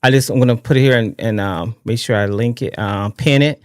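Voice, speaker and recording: A man hosting his own live political talk stream in a casual, excitable, rambling way, often restarting his sentences. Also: medium pitch, fairly quick, no room sound, clean studio sound. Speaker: livestream political show host.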